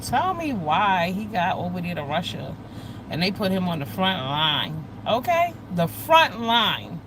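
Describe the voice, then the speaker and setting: A woman from the United States hosts a casual livestream and talks straight to her viewers. She is blunt and profane, gossiping at a lively clip. A faint hum of vehicles sits behind her voice. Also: on the low side, measured pace. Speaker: livestream host.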